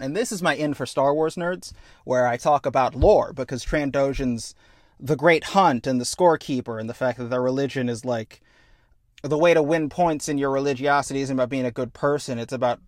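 A man co-hosting a podcast, casually pitching a film story and acting out characters with profanity. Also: dry recording, clean studio sound. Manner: animated, acts out characters with profanity. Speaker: podcast co-host.

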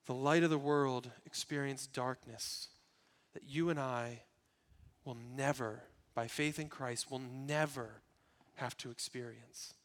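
A man preaching a sermon in an earnest way, moving between loud emphasis and hushed, quiet passages. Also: medium pitch, fairly even intonation, slow. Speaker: pastor.

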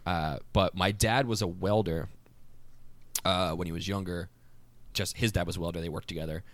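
A man with a Philadelphia accent, a podcast guest telling stories in a playful, animated way. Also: low voice, moderate pace, dry recording. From Philadelphia area. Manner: animated storyteller, playful, self-deprecating. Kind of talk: casual podcast chat.

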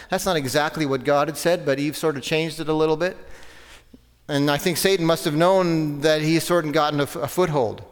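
A man's voice: on the high side, steady tone, brisk, clean tone. A man preaching a sermon, conversational, with self-corrections and rhetorical questions. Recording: long hall reverb.

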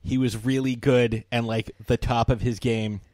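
A man in casual podcast chat, joking in a deadpan way. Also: mid-range voice, normal speed, dry recording, studio quality. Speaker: podcast co-host.

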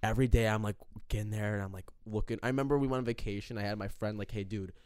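A man's voice: lowish voice, fairly even intonation, rapid-fire, darkish tone, clear, resonant tone, no room sound, studio quality. A young man telling a long story in casual chat, rambling with lots of fillers and acting out quotes. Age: young adult.

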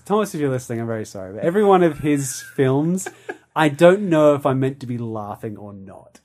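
A man's voice: on the high side, a little mellow. A young man hosting a casual podcast chat, rambling, swearing and acting out quoted lines. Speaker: podcast host.

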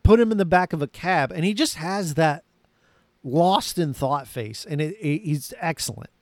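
This podcast co-host, a man with a high voice, chats about an old film with his partner, mocking the plot with big ups and downs in his tone. He's animated and sarcastic, laughs often, and talks at a moderate pace in a close, dry recording without room sound.

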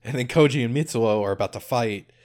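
A man's voice: mid-range voice, fast talker, a little mellow. A man co-hosting a casual chat who recaps a video game's story in a dry, laid-back way. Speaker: podcast co-host.

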